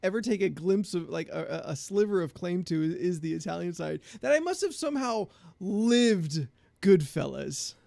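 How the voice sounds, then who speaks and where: A man's voice: high voice, expressive, moderate pace, creaky, warm tone, no echo, clean studio sound. A man co-hosting a podcast, chatting casually with lots of fillers and rambling asides. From New Jersey. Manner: rambling, filler-heavy, laughs at own jokes. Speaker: podcast co-host. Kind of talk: casual chat.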